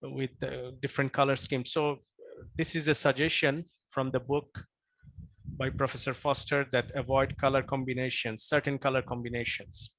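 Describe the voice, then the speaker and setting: A man's voice: mid-range voice, flat delivery, normal speed, a bit bright, no room sound, rough recording. A man lecturing as a professor, earnest, repeating key points with frequent fillers and restarts. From Bangladesh. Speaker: professor giving a training lecture.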